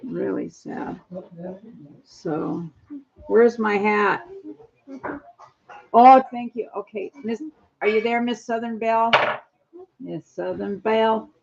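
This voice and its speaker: Gravelly woman in her sixties rambling on a live stream. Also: on the high side, slow, long pauses, darkish tone. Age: 60s. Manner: chatty and rambling, jumps between topics. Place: her home. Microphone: phone. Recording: dull lo-fi phone audio.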